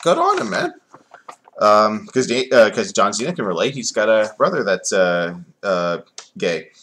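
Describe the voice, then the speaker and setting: A man with a fairly low voice talks through a wrestling reality show episode in a loose, rambling way. He drops plenty of fillers and sarcastic jabs as he recaps the scenes. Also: normal speed, fairly bright tone, a little hiss or hum. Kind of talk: casual review chat.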